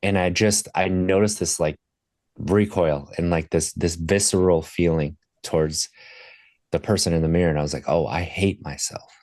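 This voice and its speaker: A man talking as a podcast guest, telling a candid personal story in a reflective, halting way with restarts. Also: deep voice, fairly even intonation, darkish tone, no room sound, clean studio sound.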